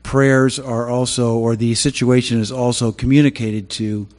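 A man giving a sermon, opening with prayer and then telling Bible stories in a halting way with many fillers. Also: medium pitch, flat delivery, darkish tone, in a large hall. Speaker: preacher.

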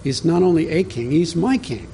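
A man's voice: fairly high pitch, animated, moderate pace, vocal fry, dark tone, a little hiss or hum. A man preaching a sermon as pastor, in a conversational teaching manner that speaks directly to the congregation.

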